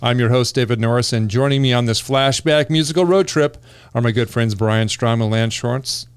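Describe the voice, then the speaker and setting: A man's voice: mid-range voice, normal speed, smooth, no echo, clean studio sound. A man hosting a casual music podcast, joking with his co-hosts and laughing often. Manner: jokey, laughs often, reads a scripted intro. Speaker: podcast host and quizmaster.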